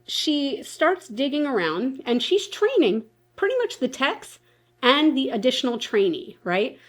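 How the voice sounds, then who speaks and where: A woman's voice: high voice, very animated, measured pace. A woman in her twenties, chatting casually and telling a story while doing her makeup, with lots of "like" and frequent laughs. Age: 20s. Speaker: beauty vlogger.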